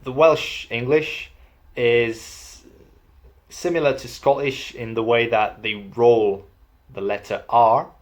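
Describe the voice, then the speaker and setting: A man's voice: mid-range voice, steady tone, slow pace. A young man from Spain, chatting casually in a vlog about accents, with a self-deprecating tone and frequent hesitations. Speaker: vlogger.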